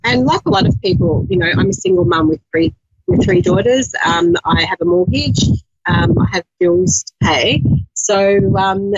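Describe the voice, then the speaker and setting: A woman talking as a radio show guest, earnest and hesitant, with many pauses and ums. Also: mid-range voice, sing-song, gravelly, husky, no echo. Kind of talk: casual interview chat. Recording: dull lo-fi audio with faint hiss.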